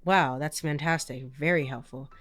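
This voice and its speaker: A woman's voice: sits low, normal speed. A woman who is sick gives laid-back, casual commentary while playing a game, mumbling with fillers. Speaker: let's play streamer.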